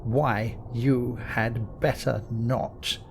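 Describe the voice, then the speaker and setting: A man voicing a hateful, dying old aristocrat who speaks slowly and low, sinking into a whisper. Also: gravelly, a little mellow, slight background noise. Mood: sinister. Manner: slow, low, whispering menace.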